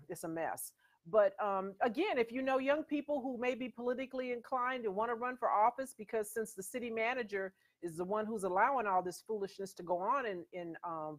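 Emphatic woman host telling stories. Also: medium pitch. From USA. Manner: conversational and emphatic, storytelling with quoted voices. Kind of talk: casual commentary.

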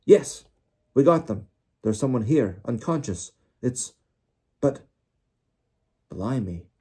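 A man voicing a bold, bearded middle-aged wizard who speaks confidently and loudly. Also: on the low side, unhurried, slightly rough. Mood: shouting. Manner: confident, loud.

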